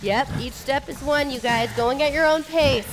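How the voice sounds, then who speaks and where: A woman's voice: high voice, moderate pace, background noise. A woman leading a follow-along workout, coaching with upbeat encouragement while getting out of breath. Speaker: fitness instructor. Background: workout music.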